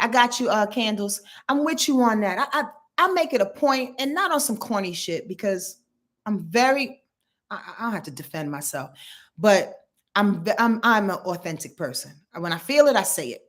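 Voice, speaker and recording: A woman astrologer hosting a casual live stream, talking in an animated, emphatic way, often repeating words as she searches for them, and swearing in passing. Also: on the high side. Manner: frank and salty, swears in passing.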